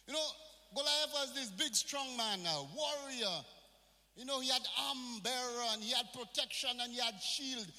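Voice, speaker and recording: A man's voice: extremely high pitch, sharp tone. A male pastor preaching a sermon in a church, with call-and-response and phrases mixed in. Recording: reverberant church hall.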